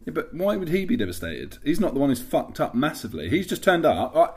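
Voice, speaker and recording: A woman's voice: low-pitched, very animated, quick pace, a little mellow. A woman co-hosting a casual podcast, blunt and sweary, calling people mate. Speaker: podcast co-host.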